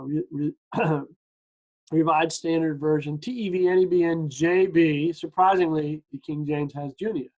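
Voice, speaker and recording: A man's voice: a little high, low-quality recording. A man teaching a Bible study research night, reading quotes aloud with many asides and restarts. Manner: lively, quotes sources, frequent restarts and asides.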